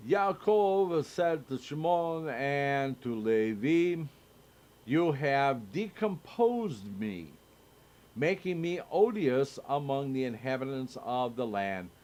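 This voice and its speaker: Guy reading scripture real slow, lots of uhs, mid-pitched voice. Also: darkish tone. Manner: slow, halting reading with many filler sounds. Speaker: Torah study teacher. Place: synagogue.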